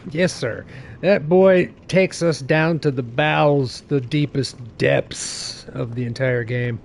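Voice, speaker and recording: A man's voice: medium pitch, slow pace, vocal fry, slight background noise. Playful, joking man streaming a game. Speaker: gaming streamer. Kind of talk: casual let's-play commentary.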